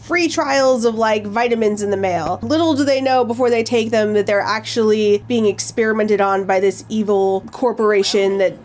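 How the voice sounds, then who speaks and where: A woman co-hosting a casual movie chat, talking quickly and filling her sentences with "like". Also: medium pitch, darkish tone. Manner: quick, lots of "like" fillers. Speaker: podcast co-host.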